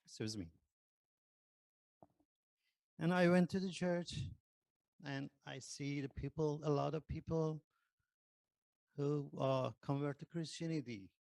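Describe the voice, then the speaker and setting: A man who is not a native English speaker, telling his conversion testimony in hesitant English full of pauses and fillers. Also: a little high, vocal fry, darkish tone, no echo. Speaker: ex-Muslim convert giving testimony. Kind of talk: personal testimony.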